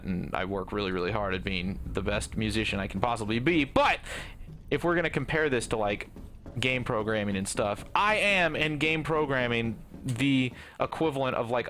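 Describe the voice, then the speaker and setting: A young man livestreaming a game, talking casually with lots of swearing and ranting. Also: medium pitch. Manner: profane, ranting, bursts into shouting. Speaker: gaming livestreamer.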